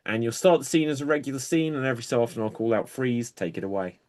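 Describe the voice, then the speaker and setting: A man's voice: mid-range voice, animated, a little mellow. A man hosting an online improv show in an easygoing way, calling out games and new styles for the players. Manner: slow, easygoing, calls games.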